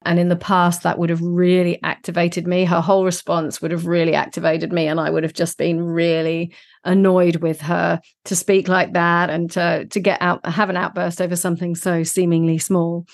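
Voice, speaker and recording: A woman hosts a relaxed podcast conversation in a low-pitched voice. She speaks earnestly and affirmingly, sharing reflections in a gentle, unhurried way. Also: gravelly. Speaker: podcast host. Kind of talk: casual conversation.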